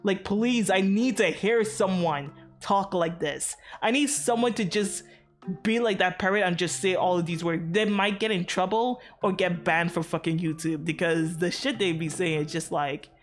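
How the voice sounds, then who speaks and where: A woman streaming and chatting loosely to her chat in a low-pitched voice, piling up fillers and curse words as she rambles. She is from outside America. Soft music plays faintly behind her. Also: normal speed. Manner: rambling, animated, frequent swearing and fillers. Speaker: VTuber streamer.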